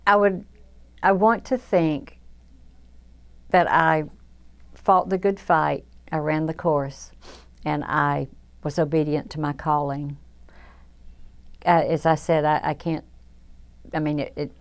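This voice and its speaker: An older woman with a Southern American accent, reflecting in an oral history interview. Her voice sits low and carries a gravelly, creaky texture. She talks in a self-deprecating way, often restarting her sentences and filling pauses with "you know.". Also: fairly even intonation. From south Georgia, US.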